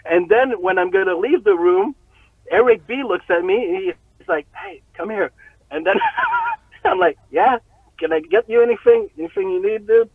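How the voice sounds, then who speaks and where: A man casually telling a long story, animated and profane, often laughing as he talks. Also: sits high, moderate pace, no room sound, narrow, tinny audio.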